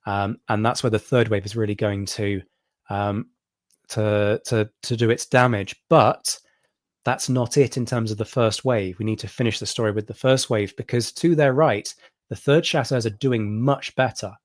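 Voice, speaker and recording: A man's voice: fairly low pitch, fairly even intonation, normal speed, no echo, studio quality. A man hosting a history livestream, explaining a battle in detail with frequent ums and restarts. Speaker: history channel host.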